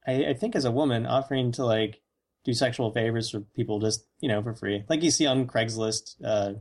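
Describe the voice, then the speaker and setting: Deadpan joking man. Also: medium pitch, brisk. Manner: deadpan wisecracks, mock quotes. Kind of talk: casual comedic chat.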